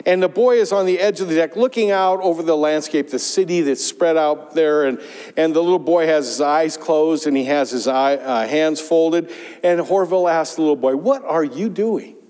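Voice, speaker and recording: A man preaching a sermon as pastor, telling a parable with lively emphasis. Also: a little high, normal speed, clean tone. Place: church sanctuary. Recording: long church reverb.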